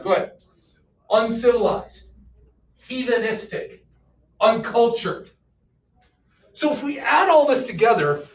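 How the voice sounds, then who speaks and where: A man's voice: sits high, slight background noise. A man teaching a history class, joking around and firing questions at his students. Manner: animated, joking, fires off questions. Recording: echoey classroom, mic far off.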